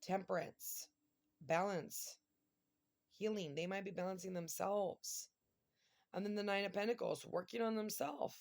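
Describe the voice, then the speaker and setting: A woman in middle age talks through a tarot spread in a loose, chatty way. Her voice has a gravelly fry to it. She grows emotional and exclamatory as the cards turn. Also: mid-range voice, steady tone, unhurried, darkish tone. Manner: emotional, exclamatory, near tears at times. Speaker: tarot reader. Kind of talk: casual tarot reading monologue.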